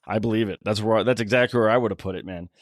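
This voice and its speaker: A man's voice: fairly low pitch, racing, no room sound, clean studio sound. A man hosting a podcast, chatting in an easygoing way and sharing a story. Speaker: podcast host. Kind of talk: casual chat.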